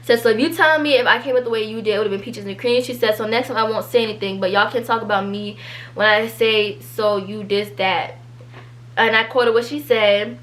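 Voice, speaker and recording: A teenage girl, telling a storytime vlog and reading out an argument, animated and exasperated. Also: medium pitch. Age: teens. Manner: animated, exasperated, quick asides. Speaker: vlogger.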